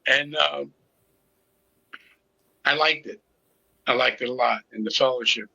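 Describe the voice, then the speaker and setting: Sharp-voiced, husky middle-aged man. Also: medium pitch, a little slow, dry recording, highs cut off. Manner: candid, sarcastic humor. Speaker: interview guest, recovery coach. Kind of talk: personal storytelling in conversation.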